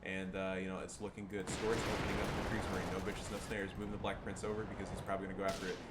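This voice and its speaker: A man's voice: low-pitched, little pitch movement, rapid-fire, heavy background noise. Profane man giving game commentary. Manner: profane, bursts into yelling and laughing. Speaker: gaming commentator. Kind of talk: casual gameplay commentary. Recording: game sound under commentary. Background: game gunfire and ambience.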